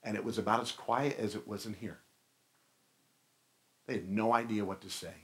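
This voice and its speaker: A male pastor preaching a sermon in a church, animated and asking his congregation questions. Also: lowish voice, normal speed. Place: church sanctuary.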